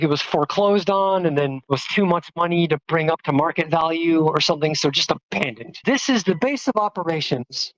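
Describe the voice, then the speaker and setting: A trans woman, telling a personal story in a casual, chatty way, full of "like" fillers, with quotes acted out in a higher voice. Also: no room sound, poor audio. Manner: chatty, many "like" fillers, acts out quotes with jumps in pitch. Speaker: storyteller, activist.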